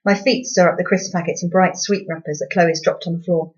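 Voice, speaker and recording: A woman's voice: fairly low pitch, fairly even intonation, a little fast, muffled recording. A woman reading her own novel aloud in first-person storybook narration, with a dry, wry tone.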